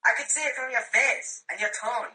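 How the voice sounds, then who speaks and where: A man answering his acting teacher in class, candid and quick, swearing casually. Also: extremely high pitch, bright, forceful tone, poor audio. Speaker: acting student.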